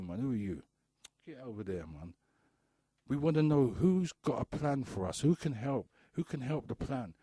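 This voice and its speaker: A man's voice: medium pitch, very animated, normal speed, warm tone, slightly rough, no echo. A man hosting a radio talk show, ranting bluntly with profanity and hammering home repeated rhetorical questions. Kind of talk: impassioned radio monologue.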